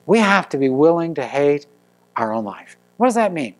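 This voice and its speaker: Middle-aged male pastor; sermon delivery, animated storytelling, slightly high pitch. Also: normal speed. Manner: storytelling with lively acted quotes.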